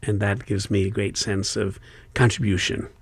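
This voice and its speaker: A man's voice: fairly low pitch, flat delivery, normal speed, gravelly, husky, dry recording. An older man, an author being interviewed, talking in a thoughtful, wry and expansive way. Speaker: author guest. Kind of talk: conversational interview.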